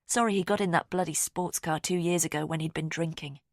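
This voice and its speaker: A woman reading a thriller audiobook in calm, measured first-person narration. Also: low voice, no echo, clean studio sound.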